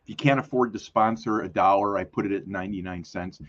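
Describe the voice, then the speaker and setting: The host of a weekly live community show chats casually on a stream, rambling, correcting himself, and using lots of fillers. His voice is fairly low and fast, and the audio has its highs cut off.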